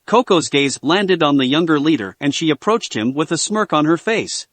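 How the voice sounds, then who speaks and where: A man's voice: a little high, big pitch swings, moderate pace, few pauses, no room sound. Man reading a fan story aloud. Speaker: narrator.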